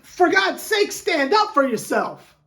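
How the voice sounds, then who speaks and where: A woman hosting a sports fan channel, venting in an animated, exasperated way with lots of stumbling repeats. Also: high voice, takes it slowly. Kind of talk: casual fan rant to camera.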